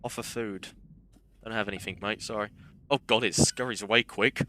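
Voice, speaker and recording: A man's voice: on the low side, fairly even intonation, moderate pace, pushed and bright, a little hiss or hum. A young man streaming a game, rambling through casual anecdotes with self-deprecating humour. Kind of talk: casual gameplay commentary and storytelling.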